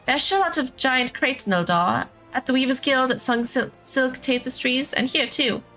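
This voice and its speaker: Bright-voiced woman playing a game. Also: high-pitched, normal speed, faint music behind. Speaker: streamer. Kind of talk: let's play commentary.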